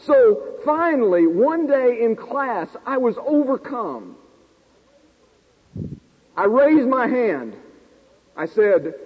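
A man in his forties preaching a sermon, an animated storyteller who pokes fun at himself in front of a live congregation. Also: very high voice, takes it slowly, long pauses, breathy edge. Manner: animated, self-deprecating storyteller talking to a live audience. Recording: tinny lo-fi recording in a reverberant hall.

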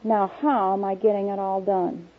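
A woman teaching a women's Bible class to a live audience, animated and humorous, acting out everyday household scenes. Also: medium pitch, normal speed. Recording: tinny, narrow-band old recording.

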